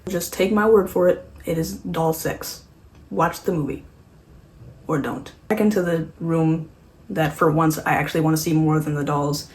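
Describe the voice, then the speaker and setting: A beauty vlogger with a deep, slightly mellow voice recaps a horror movie while doing her makeup. She rambles casually, corrects herself and tosses in sarcastic asides.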